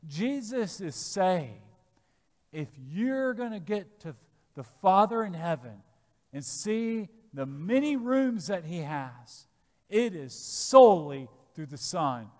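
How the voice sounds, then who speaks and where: Pastor, male, high voice, deliberate emphatic sermon delivery in a reverberant hall. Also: very animated. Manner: slow, emphatic preaching with sudden loud stresses.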